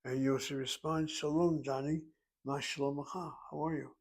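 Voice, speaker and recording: In a self-paced Hebrew lesson, a man reads a dialogue aloud and then methodically explains the grammar step by step. His voice is fairly high with a steady tone, and he speaks fast.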